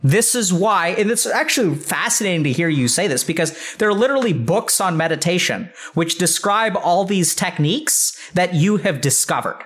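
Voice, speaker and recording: Calm man coaching with measured talk. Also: high voice. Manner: measured, repeats yep, coaching tone. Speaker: host giving advice on the mind. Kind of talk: calm explanatory conversation.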